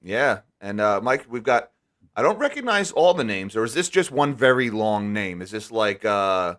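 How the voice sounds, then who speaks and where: A man's voice: on the low side, very animated, moderate pace, fairly bright tone. Candid, emphatic man hosting a live stream. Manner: candid, emphatic, often restarts words. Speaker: host. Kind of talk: casual live-stream chat.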